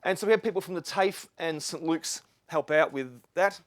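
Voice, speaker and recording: A man's voice: a little high, normal speed, dry recording, studio quality. Earnest Australian tradesman giving a talk. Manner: earnest, rambling with restarts and asides. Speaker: speaker. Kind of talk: live talk to an audience. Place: lecture venue with live audience.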